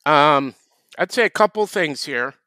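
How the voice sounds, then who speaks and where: A man talking very slowly in a bright, crisp voice, co-hosting a podcast with a deadpan, dry wit. His words come across close and dry. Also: on the high side, no room sound. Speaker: podcast co-host. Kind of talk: casual podcast chat.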